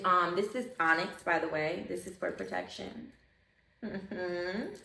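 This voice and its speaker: Chatty woman vlogging about her spiritual stuff, kinda low voice, echoey room. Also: distant mic. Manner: chatty, expressive, calls listener baby. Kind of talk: casual storytelling to camera.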